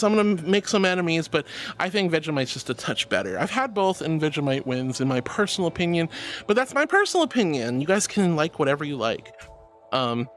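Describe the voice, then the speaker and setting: A man's voice: fairly high pitch, fairly bright tone. A man streaming as a VTuber in casual chat, reading viewer messages aloud and greeting people affectionately with pet names. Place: VRChat stream.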